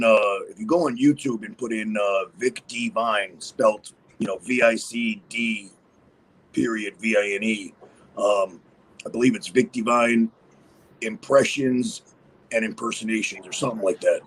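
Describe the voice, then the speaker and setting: A man's voice: on the low side, steady tone, a little slow, a bit bright, breathy edge, rough recording. A man speaking as a podcast guest, rambling casually with many fillers. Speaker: guest impersonator. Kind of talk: casual interview chat.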